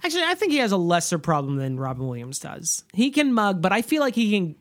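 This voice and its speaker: Animated ranting man on a podcast. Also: high-pitched, quick pace. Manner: animated, ranting, slips into mocking impressions. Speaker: podcast co-host. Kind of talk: casual movie commentary. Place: home.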